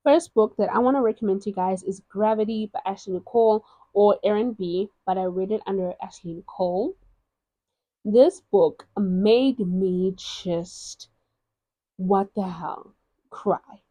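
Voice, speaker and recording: South african lady gushing about sad books, expressive and dramatic, mellow tone, dry sound. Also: mid-range voice, measured pace, dry recording. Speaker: book reviewer. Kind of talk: casual chat. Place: at home, in a gown.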